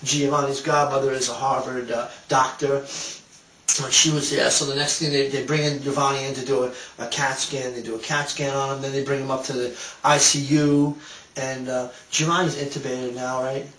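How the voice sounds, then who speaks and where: Man, mid-pitch, halting and emotional storyteller, distant mic, roomy reverb. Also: little pitch movement, fairly bright tone. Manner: emotional, halting retelling with repeated restarts. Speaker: speaker telling a personal story. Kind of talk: personal storytelling talk.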